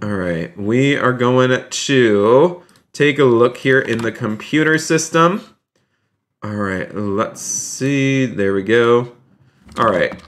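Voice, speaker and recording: A man's voice: mid-range voice, slow pace, noisy background. Upbeat man live-streaming a game. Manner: upbeat, keeps addressing the chat as "you guys"; plays a polite, formal police officer. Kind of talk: live game-stream commentary with role-play.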